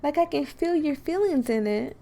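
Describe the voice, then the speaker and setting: A woman voicing a bubbly, affectionate teenage schoolgirl in a game, gushing in a high, sweet, giggly sing-song. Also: animated, normal speed, gravelly, mellow. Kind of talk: reading game dialogue aloud.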